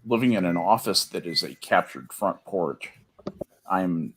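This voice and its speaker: An older man hosting a casual panel chat, rambling through his stories with lively swings in his voice. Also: deep voice, a little slow, a little hiss or hum. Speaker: host. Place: home office in an enclosed porch.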